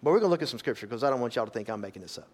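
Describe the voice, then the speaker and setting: A pastor preaching a sermon, emphatic and folksy, rising to loud exhortation and dropping to quiet asides. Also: male voice, medium pitch, animated, racing.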